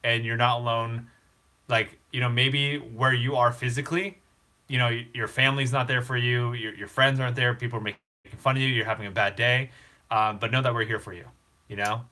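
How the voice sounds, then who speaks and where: An earnest young man hosts a casual live stream, speaking with open emotion as he reassures a struggling viewer. His voice is bright and forceful, at an ordinary pitch. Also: fairly even intonation, brisk.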